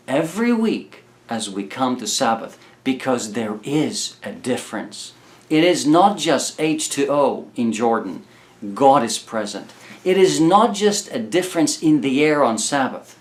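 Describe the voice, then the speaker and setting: Earnest male preacher with a lively voice. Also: medium pitch, measured pace. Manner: earnest, exhorting, addresses the congregation directly; emphatic repetition. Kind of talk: sermon.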